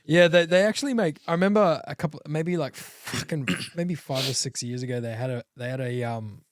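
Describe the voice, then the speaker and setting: A young Australian man co-hosting a podcast, full of crude jokes and animated banter. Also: on the high side, brisk, no room sound, studio quality. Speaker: podcast co-host. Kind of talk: casual podcast chat.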